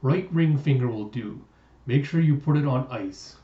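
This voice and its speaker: A man voicing a sinister old male doctor, calm and cruel, who draws out his words and drops the ends of sentences low and soft. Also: lightly acted. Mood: menacing. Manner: slow, drawn-out menace, name-endings dropped low and soft. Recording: roomy, distant, dull lo-fi sound.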